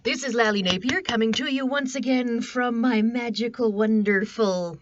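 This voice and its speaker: A woman's voice: on the high side, moderate pace, no room sound, dull audio. A woman in her forties chatting casually to camera from her small home studio, rambling and self-deprecating. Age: 40s. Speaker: vlogger.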